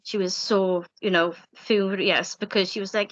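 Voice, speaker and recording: A woman in her thirties from Wales, speaking softly in an interview about a loss, with many fillers and an emotional tone. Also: medium pitch, level tone, measured pace, few pauses, no echo. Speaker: bereaved interviewee. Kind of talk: personal interview, recalling a loss. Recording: dull lo-fi sound, dry.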